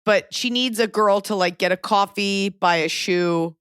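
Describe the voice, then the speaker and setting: A woman's voice: medium pitch, a bit bright, clean tone, no room sound. Woman podcast host, teasing and wry, dry close sound, mid-range voice. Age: adult. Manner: wry, teasing, quick asides. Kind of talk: casual chat.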